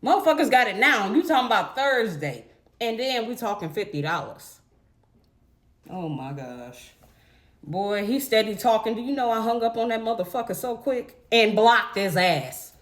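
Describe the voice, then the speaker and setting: A woman's voice: on the high side, lively intonation, moderate pace. A young adult woman telling a story in a casual, blunt, profane rant to her viewers. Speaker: vlogger.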